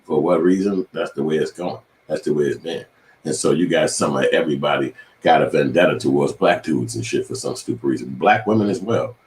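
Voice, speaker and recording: A man's voice: extremely low pitch, brisk, darkish tone, echoey room. A man giving heated, profane commentary on the news, talking in an impassioned rant.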